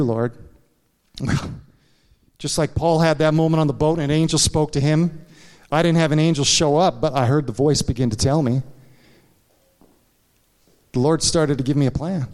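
A man delivers a confessional sermon from a church platform, his voice smooth and resonant and sitting a little high for a man. He keeps turning to the congregation with quick asides as he tells his story, and the long reverb of the sanctuary trails behind every phrase. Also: a little mellow. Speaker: pastor.

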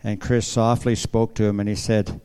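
An older man, a guest pastor, opening his sermon with a gentle joke, halting with many fillers. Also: on the low side, little pitch movement, smooth. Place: church before a congregation.

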